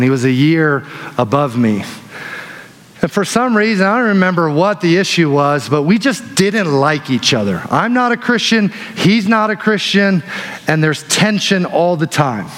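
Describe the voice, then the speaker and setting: A man preaching a sermon as pastor, telling stories in an animated way that swings between loud and hushed. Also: on the high side. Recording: long hall reverb.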